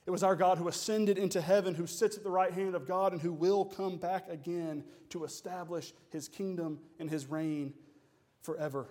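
A pastor preaching a sermon, swelling and dropping his voice with dramatic pauses. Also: high voice, fairly even intonation, warm tone. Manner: preaching with dynamic swells and pauses, uses "y'all".

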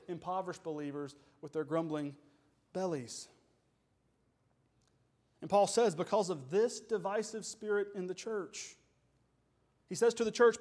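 Man, pastor, sermon, high-pitched, emphatic, rhetorical questions. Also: a little mellow.

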